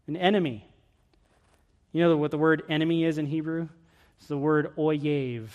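A middle-aged man preaching a sermon, earnest, swinging from loud pleading questions to hushed emphasis. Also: a little high, steady tone, a little slow.

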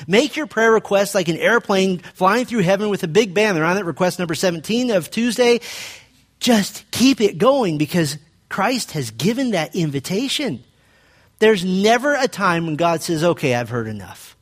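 A man pastor preaching a sermon, telling a personal story and dropping low and quiet to stress his points. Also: lively intonation, moderate pace.

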